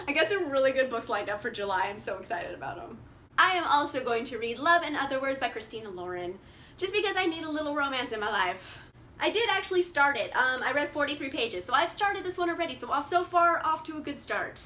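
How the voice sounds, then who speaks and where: A woman's voice: high voice, lively intonation, normal speed, bright, forceful tone, slight background noise. A young woman chatting casually about her reading plans, bubbly, laughing often and saying like a lot. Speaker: book vlogger. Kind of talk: casual chat.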